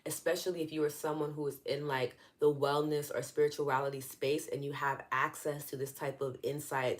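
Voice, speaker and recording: A woman with a New York accent hosting a live online teaching session, explaining earnestly in a conversational way and responding to viewer comments. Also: deep voice. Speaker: EFT session host.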